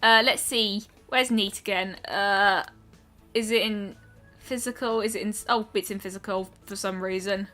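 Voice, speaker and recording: A woman's voice: medium pitch, fairly even intonation, normal speed, bright, forceful tone, faint music behind. A woman streaming a game, musing aloud in casual commentary with lots of ums and trailing thoughts.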